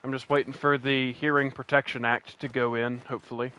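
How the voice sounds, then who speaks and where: A man's voice: mid-range voice, little pitch movement, fairly quick, bright, forceful tone, clean tone. A man from West Virginia with a West Virginian accent, giving rambling, joking commentary while he streams a hunting game. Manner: rambling, joking, many restarts. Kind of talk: casual gameplay commentary.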